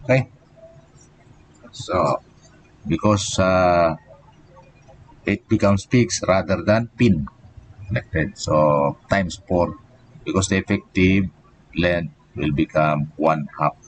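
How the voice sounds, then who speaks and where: An engineering professor gives a live online lecture in a low voice, speaking slowly and pausing often over slight background noise. He explains things step by step, with lots of "okay" and "so" fillers.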